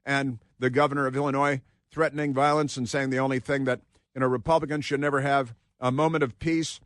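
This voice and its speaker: A man's voice: mid-range voice, little pitch movement, a bit bright, no echo, studio quality. Sarcastic male talk radio host. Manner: sarcastic, drawn-out emphatic phrasing. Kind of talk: opinionated talk radio monologue.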